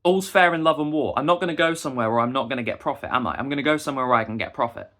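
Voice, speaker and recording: An English busker and vlogger, a young man, fires off a heated, indignant rant to camera at very fast speed. His mid-range voice has a slightly bright quality.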